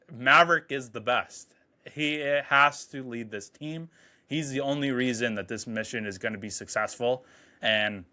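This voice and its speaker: A man giving a casual, excited movie review, swearing freely and paraphrasing scenes as he goes. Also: medium pitch. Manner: excited, profane, quotes scenes in quick paraphrase.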